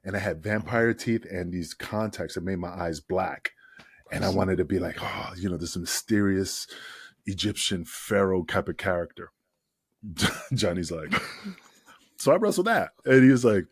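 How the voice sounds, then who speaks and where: A man with a husky, breathy voice, recorded dry and close with no room sound. He tells a rowdy story like a casual podcast guest. He laughs often and swears freely. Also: sits low, animated, normal speed, dry recording. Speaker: guest, former wrestler. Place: podcast studio.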